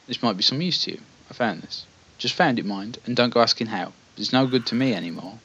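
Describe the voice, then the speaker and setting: A man's voice: mid-range voice, a little fast, fairly bright tone, breathy edge, muffled recording. A man voicing a feeble, wiry old man with a Cockney accent who rambles on. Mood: chatty. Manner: rambling, jabbering.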